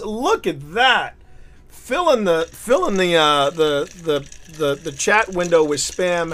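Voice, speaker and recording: Animated high-voiced man chatting on stream. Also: takes it slowly, faint music behind. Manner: animated storyteller, stumbles and repeats words. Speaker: co-host of a writing stream. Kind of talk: casual live-stream chat.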